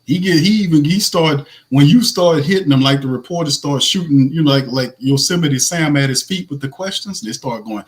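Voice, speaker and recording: Raspy-voiced man riffing on football. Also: fairly high pitch, a little fast, few pauses. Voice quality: naturally raspy voice. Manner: animated, blunt, slangy, laughs often. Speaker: host. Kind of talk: casual live fan commentary.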